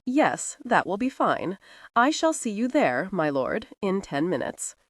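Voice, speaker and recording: A woman's voice: medium pitch, big pitch swings, unhurried, no room sound, studio quality. A woman narrator voicing a reserved young lady who speaks in a composed, matter-of-fact way.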